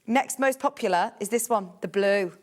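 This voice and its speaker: A woman's voice: mid-range voice, moderate pace. A woman presenting a live TV shopping show, gushing and chatty with enthusiasm.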